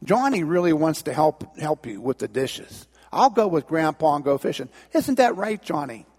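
A man's voice: fairly high pitch, sing-song, moderate pace, darkish tone, breathy edge. A preacher voicing a sly, bossy little girl who wheedles in a sing-song way, in a long-echoing hall. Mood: sweetly scheming. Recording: long reverb in a large hall.

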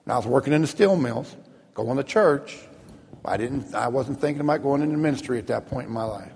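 Gravelly man telling a testimony in a hall. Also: medium pitch, expressive, a little mellow, slight background noise. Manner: vivid, earnest storytelling with slowed emphatic phrases. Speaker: minister. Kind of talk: personal testimony storytelling.

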